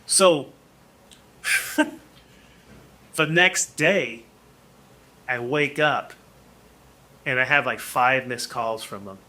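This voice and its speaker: Animated man in his forties, bright voice. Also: mid-range voice, slow pace, long pauses. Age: 40s. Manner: animated, acts out quotes, many restarts. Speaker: podcast guest, musician. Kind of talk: casual storytelling.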